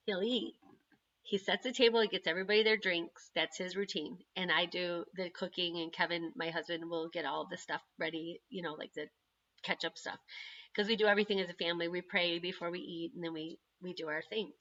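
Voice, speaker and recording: A woman, the parent of an autistic son, chatting casually on a video call and telling stories in an animated way. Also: lowish voice, a little fast, dull audio, slight background noise. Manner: chatty, animated storytelling with frequent laughs. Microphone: computer microphone on a video call.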